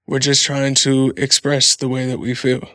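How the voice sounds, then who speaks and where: A man's voice: medium pitch, monotone, moderate pace, bright, forceful tone, no echo, clean studio sound. A man in his thirties hosting a casual solo podcast, rambling and swearing freely with frequent laughs. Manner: profane, laughing, rambling storyteller. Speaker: podcast host.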